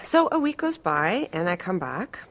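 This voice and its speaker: A woman's voice: on the low side, normal speed. A woman speaking to camera, animatedly retelling a personal story and speeding up as it heats up. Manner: animated, speeds up and rises sharply when retelling conflict. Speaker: interviewee.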